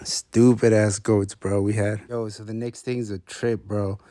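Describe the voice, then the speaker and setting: A man with a fairly low, mellow voice recounts a wild tale in loose street slang, cursing freely. His delivery is relaxed and casual. The sound is close and dry with no room echo. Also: a little slow. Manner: profane, laid-back street slang. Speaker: storyteller.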